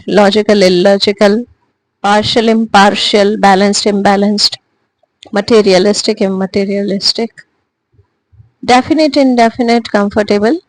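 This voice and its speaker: A woman teacher, giving a recorded lesson slowly, with frequent hesitations and restarts. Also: mid-range voice, low-quality recording. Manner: slow and deliberate, with frequent "uh" and restarts. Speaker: English teacher.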